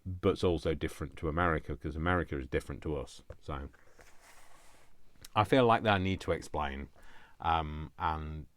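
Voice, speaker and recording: Excitable deep-voiced British man. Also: moderate pace. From United Kingdom. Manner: rambling, excitable, over-explains. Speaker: crafting vlogger. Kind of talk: casual chat opening mail.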